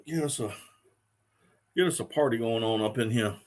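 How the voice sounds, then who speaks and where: A middle-aged man hosts a casual live stream, talking in a relaxed, rambling way with many fillers. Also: medium pitch, normal speed. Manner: laid-back, rambling, with fillers and restarts.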